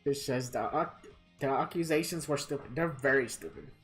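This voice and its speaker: A woman's voice: a bass voice, moderate pace, soft background music. A woman livestreaming a fighting game, ranting bluntly and swearing while she plays. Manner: blunt, profane, laughs at her own rants. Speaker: gaming livestreamer. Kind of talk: casual commentary while playing a fighting game.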